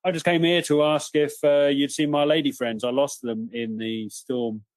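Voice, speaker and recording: A man's voice: fairly high pitch, fairly even intonation, moderate pace, no room sound, lightly acted. A man voicing a moaning, randy dingo. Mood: chatty. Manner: chatty, moaning, swears a lot. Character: randy male wild dingo, chatty and self-pitying.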